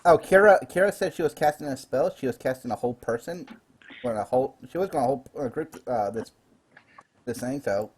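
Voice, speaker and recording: A man's voice: mid-range voice, brisk, darkish tone, slight background noise. A man running a live online tabletop game as dungeon master, chatty and explaining rules with fillers.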